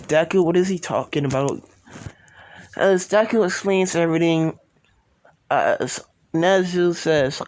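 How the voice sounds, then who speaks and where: A man's voice: on the high side, a little slow, a little mellow, a little hiss or hum. Rambling man telling a story into his phone. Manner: rambling, with frequent restarts and self-corrections. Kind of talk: improvised fan-fiction storytelling. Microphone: phone, sometimes far from it.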